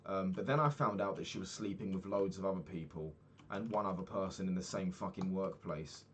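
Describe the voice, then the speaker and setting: A young man with a fairly low voice tells a story from his own life, loose and unfiltered, swearing often. He slips into quick impressions of the people he quotes. A faint hiss sits under the recording. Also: fairly bright tone. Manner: candid, swears freely, acts out quoted people. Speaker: podcast host. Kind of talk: casual storytelling monologue.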